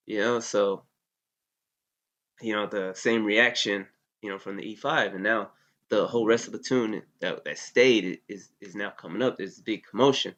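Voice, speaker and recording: Speaking at a normal speed in a lowish, slightly bright voice, a man in his thirties recounts a story as an interview guest. He's a US Army veteran with a relaxed manner, heavy on "you know" and free with curse words. Sound quality is dull and lo-fi.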